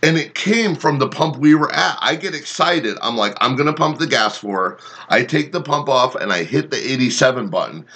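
A man's voice: medium pitch, lively intonation, moderate pace, fairly bright tone. A man co-hosting a podcast, telling a story casually and sarcastically, with plenty of swearing.

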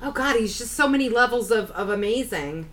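A woman in her thirties co-hosting a casual podcast chat, gushing and animated, laughing often. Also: a little high, a little fast. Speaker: podcast co-host.

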